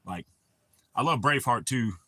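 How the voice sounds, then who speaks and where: A man's voice: mid-range voice, expressive, moderate pace, sharp tone. A man, hosting a casual livestream and rambling crudely with a lot of swearing. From United States. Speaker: livestream host.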